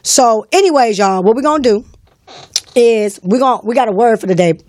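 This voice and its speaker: A woman's voice: fairly high pitch, moderate pace, a little mellow. A woman hosting a live call-in show, talking in a bossy, teasing, slangy way into a studio mic. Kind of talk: casual live-stream talk. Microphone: studio microphone.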